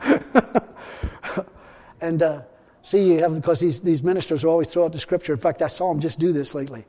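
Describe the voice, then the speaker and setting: Man, preacher, sermon, folksy, repeats phrases, loud then hushed, dark mellow tone, long reverb. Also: a little high, fairly quick.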